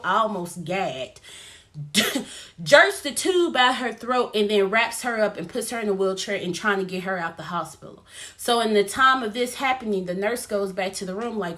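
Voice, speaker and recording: A woman vlogger recapping a movie plot in a chatty, animated way and talking straight to her viewers. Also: medium pitch, normal speed. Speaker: movie reviewer. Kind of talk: casual plot recap vlog.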